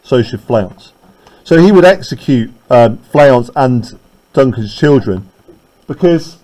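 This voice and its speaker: A man's voice: medium pitch, animated, darkish tone, a little hiss or hum, poor audio. A man teaching a literature lesson, reading lines from a play and explaining them step by step, checking in with "right?" and "okay?". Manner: reads the verse slowly, then paraphrases quickly.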